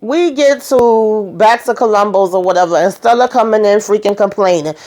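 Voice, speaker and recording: Woman, casual recap host, animated storyteller with a medium voice. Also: normal speed. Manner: animated retelling, acting out characters' lines with pitch jumps; chatty, heavy on fillers like "you know".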